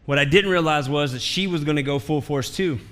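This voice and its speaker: A pastor preaches a sermon in church, telling a personal story with humor and emphatic repetition. His slightly high voice is bright, forceful, and brisk.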